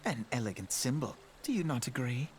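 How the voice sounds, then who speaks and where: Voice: medium pitch, very animated, brisk, a little mellow, a little hiss or hum. A voice actor playing a courteous noble guide in a video game, speaking formally and politely. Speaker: game character. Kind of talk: scripted game voice acting. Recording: game audio with music.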